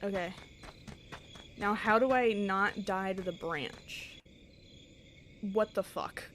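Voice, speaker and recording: A woman streaming a video game live, reacting out loud, swearing, exclaiming and laughing as she plays. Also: mid-range voice, slow pace, slight background noise. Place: home streaming setup. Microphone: desk microphone. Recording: loud game music over voice. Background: loud game music.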